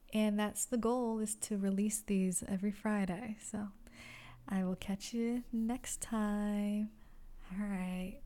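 Soft-spoken woman, mellow heartfelt voice. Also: medium pitch. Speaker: podcast host. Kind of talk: personal reflective monologue.

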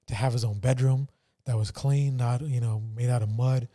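A man co-hosting a faith podcast speaks in a somber, halting way, full of fillers. His voice is very dark and mellow, at an ordinary pitch. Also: fairly even intonation. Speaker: podcast co-host. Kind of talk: casual personal testimony.

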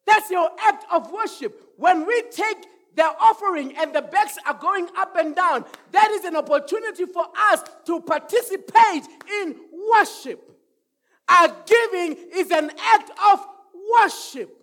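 A male pastor preaching an energetic sermon, shouting lines for the congregation to repeat and whooping. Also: very high-pitched, measured pace.

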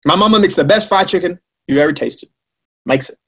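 A man's voice: high-pitched, animated, brisk, husky. A young adult man preaching a sermon with passion, often restarting his sentences. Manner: impassioned, many restarts.

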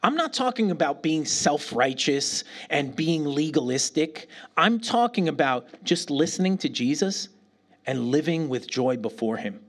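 A middle-aged pastor preaching a sermon, telling stories with animated bursts and falling to a near whisper when he prays. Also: fairly high pitch, measured pace. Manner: animated storytelling, dropping to a near whisper in prayer.

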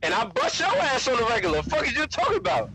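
Defensive young man with a lively high voice. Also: soft background music, poor audio. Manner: defensive, protesting in rapid repeated denials. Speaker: podcast co-host. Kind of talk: casual trash-talk banter.

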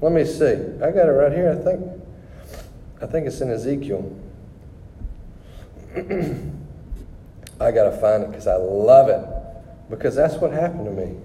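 A middle-aged man giving a sermon testimony in a church hall, telling his story in an animated, rambling way with many restarts. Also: medium pitch, slight background noise. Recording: echoey hall with long reverb.

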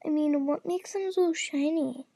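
A woman's voice: high-pitched, a little slow, mellow, no echo. A woman reading the lines of a male griffin in a storybook, solemn and impatient, often half-whispered.

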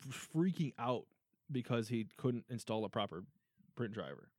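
A man's voice: mid-range voice, animated, normal speed, darkish tone, dry recording, clean studio sound. A man co-hosting a podcast, telling a story in casual chat, swearing and laughing as he goes. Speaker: podcast co-host.

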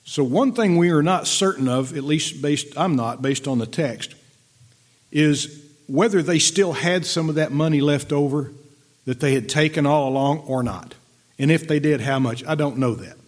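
A middle-aged man preaches a Bible lesson in a folksy, conversational way, reading scripture aloud between plain asides. His voice sits a touch high and has a husky, slightly breathy edge. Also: normal speed. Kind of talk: sermon teaching from scripture.

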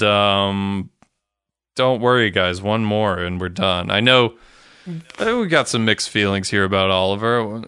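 Bright, crisp-voiced man in casual chat. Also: lowish voice, no room sound, studio quality. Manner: laid-back, swears casually, frequent fillers. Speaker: podcast co-host.

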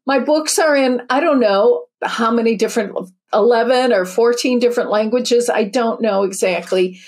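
High-voiced older woman telling her story. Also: normal speed. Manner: animated, earnest, chatty with frequent restarts. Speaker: spiritual teacher and author. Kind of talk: storytelling interview answer.

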